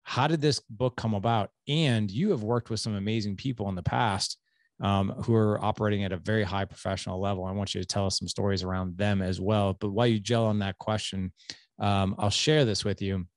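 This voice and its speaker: A man's voice: fairly low pitch, steady tone, brisk, no echo, clean studio sound. A man in his forties hosting a podcast interview, telling a candid, self-deprecating story from home life. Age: 40s. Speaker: podcast host.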